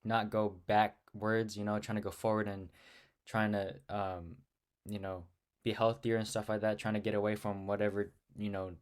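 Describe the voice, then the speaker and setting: In this casual self-recorded clip, a young man discusses his own rap lyrics in a fairly low, level, clean-toned voice at a moderate pace. His delivery is hesitant and awkward, with rambling, many fillers and frequent restarts, as if he's self-conscious in front of the camera.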